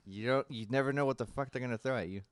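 A man's voice: mid-range voice, fast talker, smooth, dry recording. A man co-hosting a casual podcast, blunt and casually swearing. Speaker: podcast co-host. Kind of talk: casual chat.

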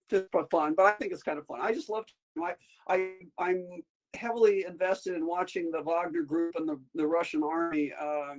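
A woman's voice: low voice, a little mellow, rough recording. A woman appearing as a guest doctor in a casual interview, talking in a chatty, meandering way that jumps between topics.

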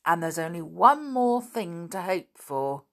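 A woman reading the part of an eager, bossy boy who leads a children's club, brisk and organising. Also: on the low side, lively intonation, fairly bright tone.

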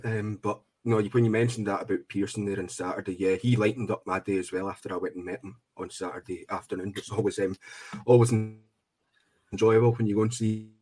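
A man speaks as a panelist on a football podcast, hesitant and full of ums. His voice sits slightly low and stays flat in pitch. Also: fast talker, breathy edge. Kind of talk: casual podcast chat.

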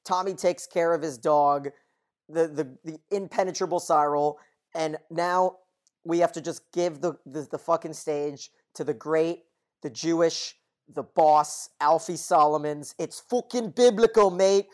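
A man co-hosting a podcast, recapping plot details quickly and casually, sometimes swearing. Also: on the high side, fairly even intonation. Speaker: podcast co-host.

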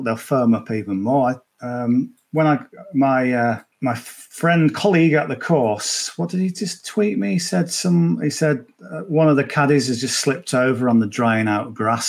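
Rambling man talking golf bets. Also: mid-range voice. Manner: rambling, lots of restarts and fillers. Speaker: golf betting expert guest. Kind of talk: casual podcast chat. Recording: remote, at the tournament venue.

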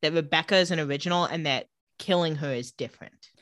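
A woman co-hosting a casual chat, retelling scenes with a laugh and lively quoted lines. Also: low voice, fast, no room sound, studio quality. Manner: animated, laughs often, acts out quotes. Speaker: podcast co-host recapping a TV episode.

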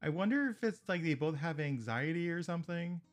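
A man with a slightly raised pitch recaps a cartoon episode in a loose, chatty way, breaking into small laughs between remarks. Soft guitar music plays faintly behind him. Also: animated, a little fast. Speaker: podcast host.

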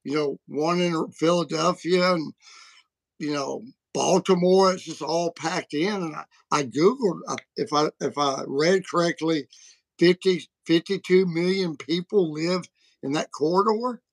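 A man's voice: fairly high pitch, measured pace, gravelly, no echo, low-quality recording. A middle-aged man with a Southern US accent telling rambling, folksy stories as a livestream guest. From Alabama, USA. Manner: folksy, rambling storyteller with restarts. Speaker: guest apologist. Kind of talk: casual livestream chat.

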